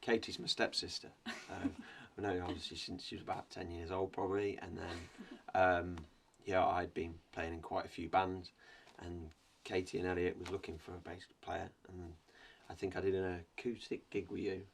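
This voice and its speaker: A male bass player talking haltingly in a casual interview, with plenty of fillers. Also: flat delivery, creaky. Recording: distant mic with faint noise.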